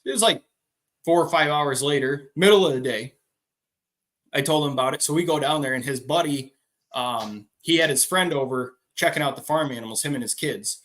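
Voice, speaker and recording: A man's voice: a little high, moderate pace, fairly bright tone. A man co-hosting a casual farm podcast, telling a story animatedly and acting out quotes. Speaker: podcast co-host.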